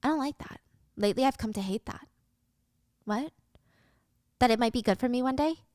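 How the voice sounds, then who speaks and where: A woman's voice: a little high, moderate pace, darkish tone, dry recording, studio quality, lightly acted. A woman voicing a determined young office woman in a drama recap, talking in a firm, controlled way.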